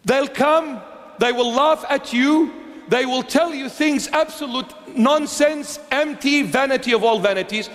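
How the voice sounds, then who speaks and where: A bishop preaching a sermon in a church, emphatic and repetitive, swinging between loud insistence and hushed low phrases. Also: male voice, a little slow. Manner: emphatic, repetitive, dramatic swings in pitch and loudness. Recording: long reverb of a large church.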